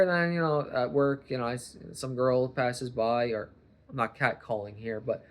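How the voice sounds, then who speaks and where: Young man, casual vlog monologue, rambling, self-interrupting, loud animated quoted voices. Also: mid-range voice, measured pace. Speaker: vlogger.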